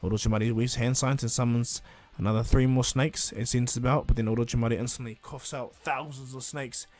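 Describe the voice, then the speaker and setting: A man's voice: mid-range voice, steady tone, brisk, darkish tone. A man casually retelling a fan-fiction story, rambling, with fillers and repeated "and he goes".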